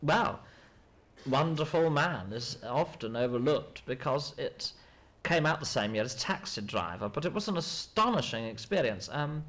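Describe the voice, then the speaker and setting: A man, an actor in a mock interview, rambling and hesitant with a deadpan delivery. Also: mid-range voice, normal speed.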